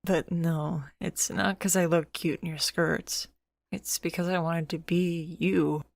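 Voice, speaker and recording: A woman reading the part of a wary young trans woman in a storybook, in close to her own lowish voice. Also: fairly even intonation, slow, gravelly, no echo, full character voice. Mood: wistful. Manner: wary, plain-spoken.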